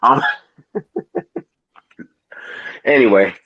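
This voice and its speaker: A man's voice: mid-range voice, extremely slow. A man on a casual podcast, asking curious, profane questions and stammering often. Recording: dull lo-fi sound.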